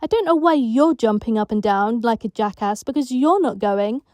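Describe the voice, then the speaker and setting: A woman's voice: normal speed, no room sound, natural voice. A woman voicing a bold, bossy ten-year-old girl in care, brash and boastful. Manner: brash, boastful, shrill when excited.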